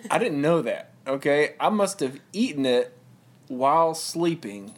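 A man's voice: a little high, measured pace. A man co-hosting a podcast, telling a story in a casual, rambling way and laughing through it. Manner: laughs through his stories, relaxed and rambling. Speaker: podcast co-host.

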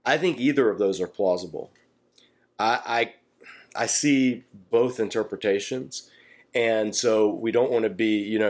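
A man teaching through a Bible passage in a casual, conversational way, animatedly acting out the people he quotes. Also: lowish voice.

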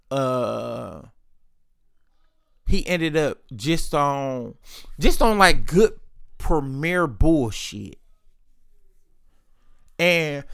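A man's voice: a little high, fairly bright tone, no echo. A man in his late thirties casually telling a personal family story, candid and profane, acting out what others said. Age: 30s. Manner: candid, profane, acts out quoted voices.

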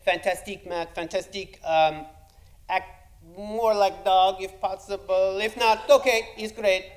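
A man playing a quiet, polite film director with a thick Spanish accent and halting broken English. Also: sits high, steady tone, voice pushed up. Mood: encouraging.

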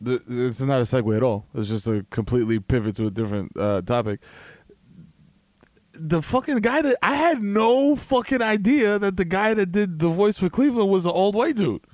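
A young man co-hosting a podcast, chatting in quick, swearing asides that turn excitable. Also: high-pitched, no echo. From Dominican heritage, New York. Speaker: podcast co-host. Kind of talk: casual podcast banter.

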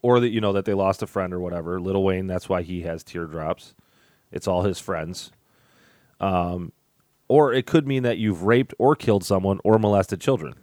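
Deep-voiced man rambling in casual chat. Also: normal speed, a little mellow, no echo, clean studio sound. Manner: rambling, laughs at his own jokes.

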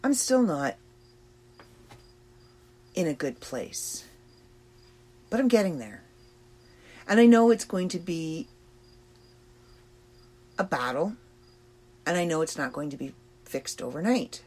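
A woman hosting a podcast, talking slowly and thoughtfully about personal struggles with pauses and fillers. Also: low voice, animated, darkish tone, breathy edge. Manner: slow, reflective and emotional, with pauses and fillers. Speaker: podcast host. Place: trailer in a backyard.

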